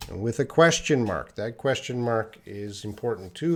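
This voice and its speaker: A man leads a live online English lesson, patiently correcting the chat questions he reads aloud. Though tired, he remains expressive, speaking slowly and clearly in a lowish voice for his learners.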